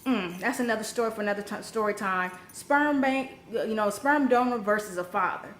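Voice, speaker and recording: A young adult woman telling a personal story in a casual vlog, blunt and profane, with sudden animated rises when she gets heated. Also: medium pitch, brisk. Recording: echoey room with faint background noise.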